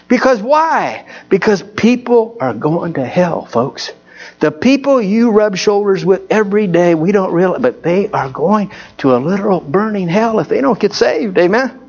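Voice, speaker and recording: A man's voice: high voice, lively intonation, normal speed, darkish tone, slightly rough, highs cut off. A man preaching a folksy Baptist sermon, telling stories and repeatedly asking his congregation for an amen.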